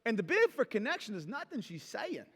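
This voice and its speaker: A man's voice: extremely high pitch, big pitch swings, fairly quick, fairly bright tone, husky, big-room sound. A man preaching a sermon as pastor, talking casually and joking with the congregation. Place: church hall.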